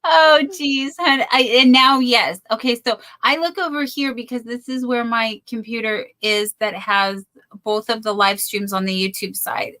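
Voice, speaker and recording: A chatty woman hosts a relaxed livestream, greeting viewers and reading their comments aloud. Her voice is bright and forward, and she talks in a loose, friendly way. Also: a little high, moderate pace. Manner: chatty, reads out viewer comments, apologetic asides. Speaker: livestream host. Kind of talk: casual livestream chat.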